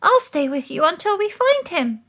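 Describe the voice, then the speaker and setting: A woman voicing Nut, a kind, loyal little female animal friend, in a gentle raised storybook voice. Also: extremely high pitch, big pitch swings, normal speed, pitched above the performer's own voice, exaggerated voice.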